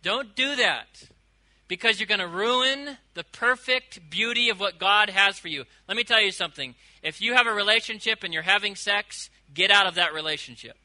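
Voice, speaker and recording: Male pastor, high voice, very bright tone, animated sermon delivery, loud then hushed. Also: poor audio. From United States. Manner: animated, swings from loud emphasis to quiet asides, drawn-out quotes.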